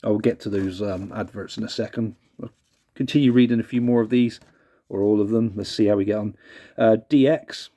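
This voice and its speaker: A man's voice: lowish voice, fairly even intonation, brisk, mellow. A man casually rambling through a CD review, self-deprecating and apologetic. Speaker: vlogger reviewing a CD.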